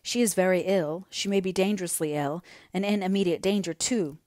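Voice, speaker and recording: A woman's voice: lowish voice, brisk, no room sound, studio quality, lightly acted. A woman reading an impatient young naval officer. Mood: urgent. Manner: urgent, coaxing, energetic.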